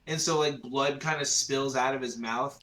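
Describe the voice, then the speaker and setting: Bright-voiced man narrating as game master. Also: medium pitch, fairly even intonation, moderate pace. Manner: loose, filler-heavy storytelling with sung sound effects.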